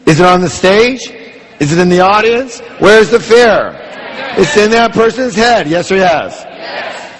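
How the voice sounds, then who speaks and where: A man's voice: high voice, expressive, unhurried, fairly bright tone. A man giving a motivational seminar talk in a large hall, driving the audience with call-and-response questions. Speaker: motivational speaker.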